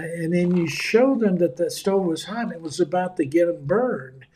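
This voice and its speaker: A man leads a leadership seminar in a relaxed, folksy way, breaking into the voices of bosses and employees as he goes. His voice sits a little high for a man. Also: moderate pace. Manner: folksy, acts out quoted voices, chuckles. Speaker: leadership speaker. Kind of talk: conversational seminar talk.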